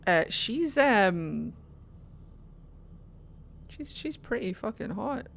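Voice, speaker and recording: A woman's voice: a little high, big pitch swings, extremely slow, creaky, a bit bright, slight background noise. A woman streaming a video game, chatting playfully to herself and her viewers, swearing freely and breaking into silly voices. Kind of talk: casual let's-play commentary.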